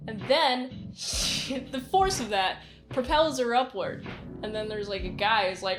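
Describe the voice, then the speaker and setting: High-pitched woman rambling through a movie recap, slow and giggly. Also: lively intonation, music in the background. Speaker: movie reviewer. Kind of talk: casual spoken movie recap.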